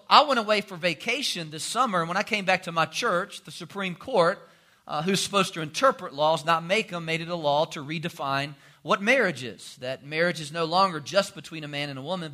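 Pastor in his 40s, bright kinda high voice, jokey folksy sermon storytelling. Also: brisk. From North Carolina. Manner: folksy joking storyteller, animated.

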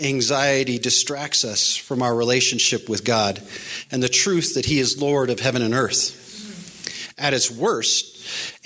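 Middle-aged guy preaching, bright clear voice, gets animated when he acts out the story. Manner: animated storytelling, voicing characters with pitch jumps. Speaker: pastor. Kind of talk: sermon.

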